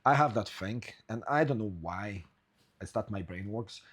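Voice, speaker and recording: A man's voice: fairly low pitch, lively intonation, normal speed, fairly bright tone, breathy edge. A man hosting a podcast, telling swearing, laughing anecdotes in casual chat. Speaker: podcast host.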